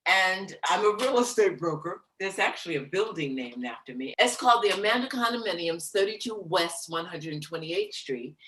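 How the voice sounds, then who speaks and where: A woman jazz singer being interviewed, telling her stories with lively, theatrical flair and acting out the quotes. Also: on the low side, normal speed, hardly any pauses. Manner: animated, theatrical storyteller who acts out quotes. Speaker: guest, jazz vocalist. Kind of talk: casual storytelling interview. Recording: roomy echo.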